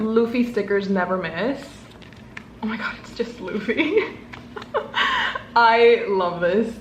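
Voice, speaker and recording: A woman in her twenties, a book vlogger, gushing and gasping with excitement as she unboxes gifts. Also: medium pitch, roomy sound, slight background noise.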